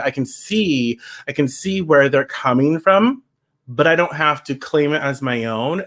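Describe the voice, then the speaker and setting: A man's voice: mid-range voice, fairly bright tone. A man giving a casual livestream tarot reading, chatty and emphatic, reacting to viewer comments as he goes. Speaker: tarot reader.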